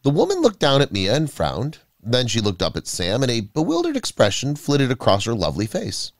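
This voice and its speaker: A man reading a scripted story aloud, with expressive, dramatic delivery. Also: medium pitch, a little fast, no echo, clean studio sound. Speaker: narrator. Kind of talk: scripted narration.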